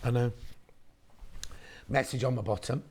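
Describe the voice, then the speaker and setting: Hoarse, creaky TV sales presenter man. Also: mid-range voice, steady tone, a little slow, a little mellow. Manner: chatty, gossipy, rambling asides. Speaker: shopping channel presenter. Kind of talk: casual live sales chat.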